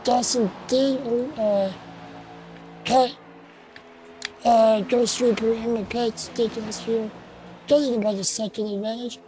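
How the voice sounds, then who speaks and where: A woman commentating an online sim race, slow and halting, with fillers and restarts, and she has the hiccups. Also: on the high side, steady tone, mellow, faint music behind, low-quality recording.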